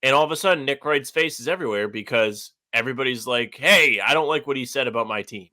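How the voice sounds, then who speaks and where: A man's voice: mid-range voice, fast, bright, forceful tone. A young man co-hosting a podcast, chatting loosely with lots of "like" and restarts. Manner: loose, filler-heavy, lots of "like". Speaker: podcast co-host. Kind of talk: casual chat.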